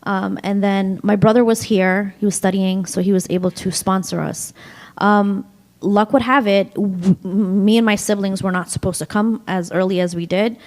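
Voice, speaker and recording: A woman's voice: mid-range voice, fairly even intonation, normal speed, darkish tone. A woman in her thirties from Afghanistan with a New York accent, speaking as a panelist in a chatty way, with frequent ums and laughs. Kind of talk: panel discussion. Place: synagogue hall.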